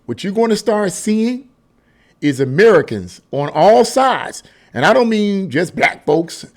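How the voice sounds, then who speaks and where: A man rants angrily about politics, pressing his points over and over with heated emphasis. His voice sits high and swoops widely up and down as he talks. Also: big pitch swings, a little slow, darkish tone. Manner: mocking singsong asides. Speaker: commentary channel host. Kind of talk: angry political rant.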